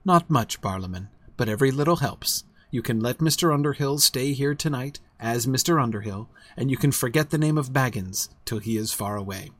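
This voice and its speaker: A man reading as a grim, quiet ranger. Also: fairly quick, hardly any pauses, close to an everyday voice. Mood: ominous. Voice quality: low, quiet.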